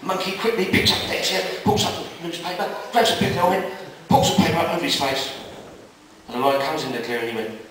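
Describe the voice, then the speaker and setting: A man doing stand-up, telling jokes in a brisk storytelling manner and jumping his pitch up for quoted characters. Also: fairly even intonation, fairly bright tone, a little hiss or hum. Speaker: stand-up comedian. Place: live comedy venue. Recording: echoey live room, mic at a distance.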